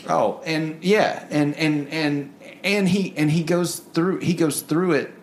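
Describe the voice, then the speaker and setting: A man with a fairly high-pitched voice speaks slowly as co-host of a casual music review chat. Earnest and rambling, he uses many fillers, and there's slight background noise.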